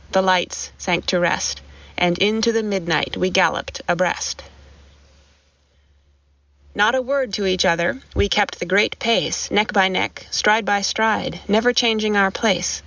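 A woman reciting a narrative poem in a measured, rhythmic way, in a dull lo-fi recording. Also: medium pitch, a bit bright, no echo. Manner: measured rhythmic verse reading. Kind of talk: poetry recitation.

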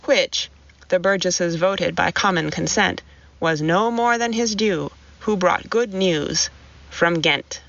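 A woman reciting a narrative poem in a measured, rhythmic way, in a dull lo-fi recording. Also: mid-range voice, fairly bright tone, no echo. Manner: measured rhythmic verse reading. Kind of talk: poetry recitation.

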